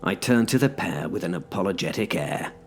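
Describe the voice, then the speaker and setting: Low, gravelly male storyteller. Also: lively intonation, brisk, soft background music. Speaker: narrator. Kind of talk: first-person audio story narration.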